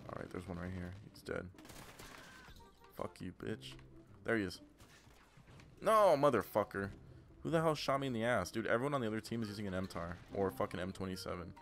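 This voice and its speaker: A young man giving profane, ranting gameplay commentary as a gaming channel host. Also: sits low. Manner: profane, ranting, trash-talking.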